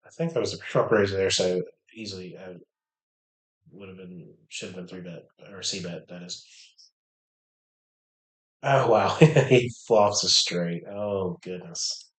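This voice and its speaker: Low-voiced man mumbling through a poker stream. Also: roomy sound. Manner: halting, thinking aloud with many ums, mutters quietly. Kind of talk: casual commentary while playing online poker.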